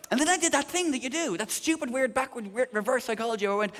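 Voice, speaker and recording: A man's voice: very high-pitched, racing, hardly any pauses, a bit bright, a little hiss or hum. A man performing live stand-up comedy on a theatre stage, ranting animatedly and swearing freely into a stage mic. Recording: long theatre hall reverb.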